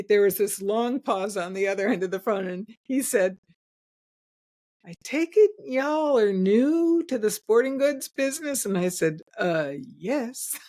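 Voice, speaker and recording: A woman's voice: medium pitch, a little mellow. An older woman, a guest inventor, telling stories in a chatty interview, laughing often and restarting her sentences. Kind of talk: storytelling in casual interview.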